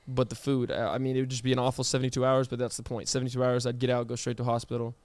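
A man's voice: medium pitch, monotone, fast, darkish tone, dry recording. A young man in casual banter who cracks sarcastic jokes. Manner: joking, sarcastic interjections.

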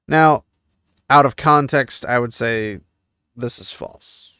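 A man's voice: medium pitch, slow pace, long pauses, bright, forceful tone, clear, resonant tone, no room sound, studio quality. A man giving a casual recap of a fantasy novel, chatty and digressive, breaking off into asides and questions. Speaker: book discussion host.

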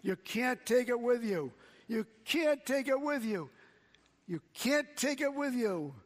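A man voicing an excited male evangelist who yells the same phrase over and over. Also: fairly high pitch, moderate pace, vocal fry, long reverb tail. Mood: yelling. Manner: shouting, repetitive.

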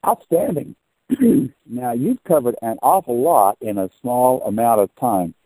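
Older guy host, super mellow low-toned husky voice, dry close sound, chatty and rambly. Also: animated, measured pace, no room sound, low-quality recording. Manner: long-winded, explanatory, folksy. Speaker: podcast host. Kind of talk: conversational interview.

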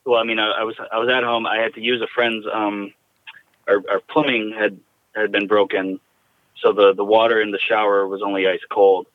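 A man recounting a personal story in a halting, reflective way, heard over a tinny phone line. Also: on the low side, level tone, no room sound. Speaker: guest.

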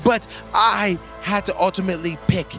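Brief: male co-host, bright forceful tone, hyped and playful, casual chat. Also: sits high, normal speed, faint music behind. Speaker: co-host of a wrestling show.

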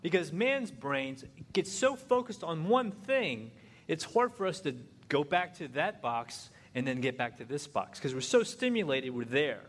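A man from giving a humorous marriage talk, telling stories and jumping into high voices for the people he quotes. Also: very animated, unhurried. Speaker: marriage seminar speaker. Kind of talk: humorous sermon-style talk with acted anecdotes.

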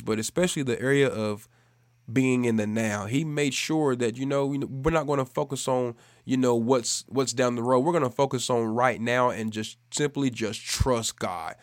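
A man's voice: medium pitch, no echo, studio quality. A man in his thirties preaching a sermon, earnest, repeating phrases and building to fervent exhortation.

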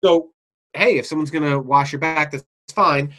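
A man's voice: on the high side, moderate pace, fairly bright tone. A man co-hosting a podcast, casually retelling anime scenes and acting out the characters' lines. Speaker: podcast co-host. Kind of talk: casual chat, recapping an anime.

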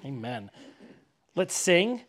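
Pastor, male, high-set voice, loose chatty sermon delivery with emphatic repeats. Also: very animated, slow, a bit bright. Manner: conversational, many "like" fillers, emphatic repetition. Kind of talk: casual sermon. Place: church gathering.

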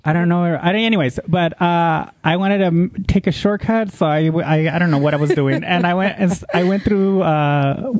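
A man's voice: high-pitched, no room sound. A man in casual chat who rambles and stops to restart his sentences as he tells a story. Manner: rambling, halting, with many restarts.

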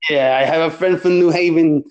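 Guy putting on a cocky jersey tough guy voice, cursing and rambling on a prank call, kinda high. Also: steady tone, a little fast, darkish tone, lo-fi sound, natural voice. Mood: swaggering. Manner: boastful, crude, rambling with fillers. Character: brash short-tempered Jersey Italian guy, adult man. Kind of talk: comedic phone prank call.

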